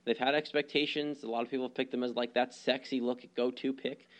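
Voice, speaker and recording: A man's voice: medium pitch, flat delivery, quick pace. Casual young man chatting baseball, lots of ums. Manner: hesitant, many ums, laughs often. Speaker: podcast co-host. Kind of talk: casual sports chat.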